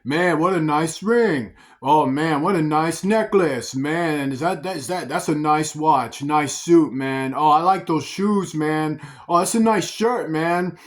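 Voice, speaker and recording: A man voicing a sly, flattering man who covets his neighbor's things and keeps calling him "man.". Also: on the high side, unhurried, few pauses, natural voice. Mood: admiring. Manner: fawning, repeats "man" constantly.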